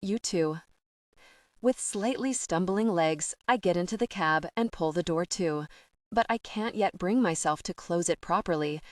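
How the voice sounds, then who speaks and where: A woman reading a first-person romance audiobook in a soft, intimate, emotional way. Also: fairly low pitch, normal speed, no echo, studio quality. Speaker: audiobook narrator. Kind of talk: first-person scripted narration.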